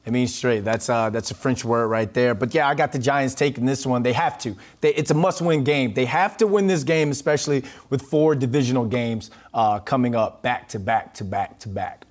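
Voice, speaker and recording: A man's voice: medium pitch, normal speed, few pauses, over music. A man hosting a sports podcast, chatting casually and closing with an upbeat scripted sign-off. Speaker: podcast host.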